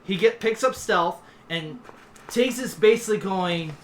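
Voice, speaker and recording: A man's voice: sits high, unhurried. A man narrating a tabletop game as game master, loose and chatty. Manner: loose, chatty, with sudden loud character outbursts. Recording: faint background noise.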